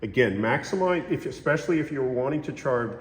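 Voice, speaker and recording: A man teaches a massage course in an easygoing, chatty manner, often pausing to ask "okay?" or "right?". His voice is medium pitched, and the room gives it a roomy echo with a long tail of reverb and some faint background noise. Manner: relaxed, conversational, checks in with "okay?" and "right?". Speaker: massage instructor. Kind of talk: teaching a hands-on class. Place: training room during a course.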